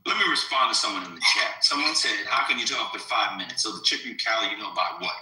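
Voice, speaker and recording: A man arguing in a crude, casual live-stream debate, provocative and animated. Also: on the low side, quick pace, echoey room, rough recording. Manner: animated, provocative, swings loud to soft.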